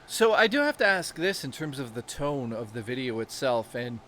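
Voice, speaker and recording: A man's voice: mid-range voice, sing-song, normal speed, bright, forceful tone, slight background noise. A man hosting a casual stream chat, talking enthusiastically and swearing casually. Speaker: stream host.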